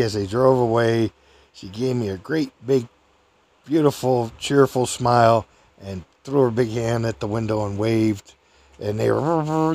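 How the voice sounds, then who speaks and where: An older man with a gravelly voice wanders through a personal tale in easygoing fashion. He keeps chuckling and goes high-pitched to voice other people's lines.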